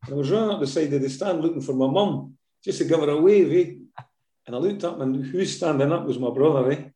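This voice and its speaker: An older Scottish man tells football stories in an easy, rambling way, dropping in fillers and little tag questions. His voice is mellow and sits a touch high. The sound carries a clear room echo. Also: fast talker. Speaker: former footballer, guest. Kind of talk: casual interview storytelling.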